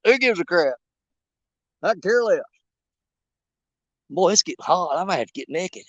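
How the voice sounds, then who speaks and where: A man's voice: high voice, animated, a little slow, no room sound, dull audio. A man chatting on a fishing livestream from a riverbank, joking and rambling in a folksy way. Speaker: fishing vlogger. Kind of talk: casual livestream chat. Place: outdoors on a riverbank.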